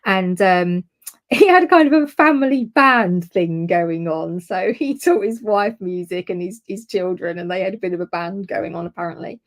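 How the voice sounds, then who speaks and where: A woman co-hosting a history podcast, talking through her notes in a chatty, informal way and often correcting herself. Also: medium pitch. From United Kingdom. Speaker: podcast co-host presenting the topic. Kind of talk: casual history podcast chat.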